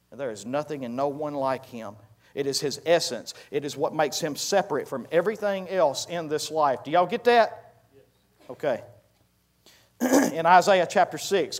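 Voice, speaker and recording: A man preaching a sermon to his congregation, building from quiet reading to loud emphatic passages and repeating phrases three times. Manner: swells from low, quiet reading to loud, high-pitched preaching; folksy speech, addresses the congregation directly. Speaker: pastor.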